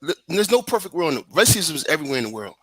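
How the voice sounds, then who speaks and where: A man's voice: fairly high pitch, very animated, fast, fairly bright tone, slightly rough, dry recording. A man from the United States calling in from abroad, talking politics in a heated, profane, rambling way with many restarts. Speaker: guest on a talk stream. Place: living in Germany.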